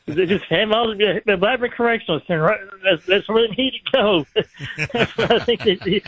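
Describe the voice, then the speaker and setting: A man from Kentucky with a Kentucky Southern accent calling a talk radio show, talking fast and repeating himself. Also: sits high, a bit bright, slightly rough. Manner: fast, hard to follow, repetitive. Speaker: caller. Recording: phone-line call-in audio.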